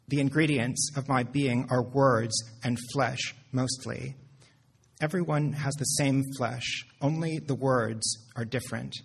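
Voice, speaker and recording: Slow, gravelly man reading poetry. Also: medium pitch. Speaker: poet.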